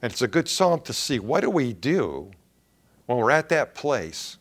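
A middle-aged male pastor preaching a sermon in an earnest, emphatic way with dramatic pauses. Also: mid-range voice, very animated.

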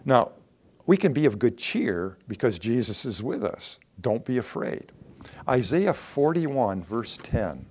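Gravelly earnest male preacher. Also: mid-range voice, very animated, takes it slowly, slight background noise. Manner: earnest, varies pace, drops to soft asides. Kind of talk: sermon.

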